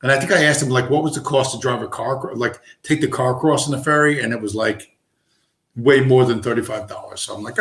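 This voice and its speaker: A man's voice: medium pitch, quick pace, fairly bright tone. Profane rambling man in echoey room. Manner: profane, digressive, lots of fillers. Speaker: streamer. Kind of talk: rambling casual storytelling. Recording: roomy echo.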